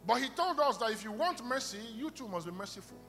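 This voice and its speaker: A man preaching a sermon in a church, retelling a parable and praying aloud, swinging from quiet storytelling to loud bursts of prayer. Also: very high voice, big pitch swings, fast. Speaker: pastor. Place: church hall. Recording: reverberant hall with music behind. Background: instrumental music.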